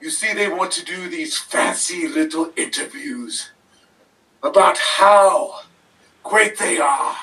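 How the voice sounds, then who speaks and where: A man cutting a theatrical wrestling promo as a guest, menacing, swinging between shouts and whispers. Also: a little high, animated, slow pace, pauses often, distant mic, poor audio.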